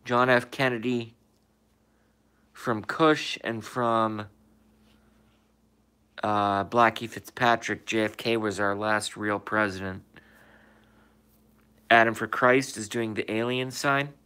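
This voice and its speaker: A man's voice: on the low side, fairly even intonation, slow, long pauses, bright, forceful tone, clean tone. A man hosting a casual livestream, reading viewer comments aloud and answering them, swearing and asking emphatic rhetorical questions from indoors. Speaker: livestream host reading chat. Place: indoors, in his room.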